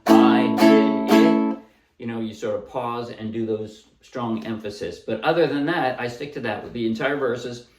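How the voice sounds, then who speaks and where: Man, ukulele teacher, relaxed explaining, roomy echo, set back from the mic, loud ukulele behind. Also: medium pitch, moderate pace, hardly any pauses, recorded from a distance, over loud music. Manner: relaxed, explains while playing, sings short snippets. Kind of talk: casual music tutorial. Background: ukulele playing.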